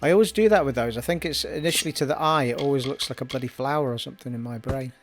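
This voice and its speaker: Chatty gamer. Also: male voice, mid-range voice, racing. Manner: chatty, joking, muttering asides. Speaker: let's play gamer. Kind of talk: casual gameplay commentary. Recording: game music faint behind.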